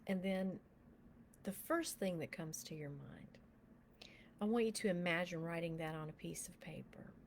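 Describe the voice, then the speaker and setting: A woman leading a guided prayer and telling a testimony, speaking softly with frequent whispers and becoming emotional as she tells the story. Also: on the low side, a little hiss or hum. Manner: soft, slow and often whispered while guiding prayer; gets emotional and animated while telling the story. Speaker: minister.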